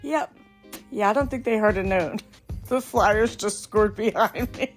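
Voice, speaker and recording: A woman hosting a podcast, telling embarrassing stories in a casual monologue, often laughing, her voice jumping high when she gets excited. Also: a little slow, soft background music. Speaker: podcast host.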